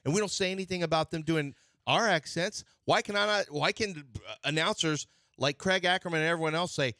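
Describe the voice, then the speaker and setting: A man hosting a sports radio show, talking in an animated, playfully argumentative way. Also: fairly high pitch, fairly quick, few pauses, dry recording, clean studio sound. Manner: animated, playfully argumentative, jumps between topics. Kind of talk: casual sports talk banter. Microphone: studio mic.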